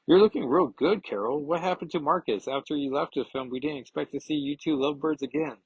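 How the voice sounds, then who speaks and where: A man voicing a brash, tactless male archer hero, speaking bluntly with a husky voice. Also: a little high, brisk, a little mellow, dry recording, dull audio, pitched above the performer's own voice. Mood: cocky.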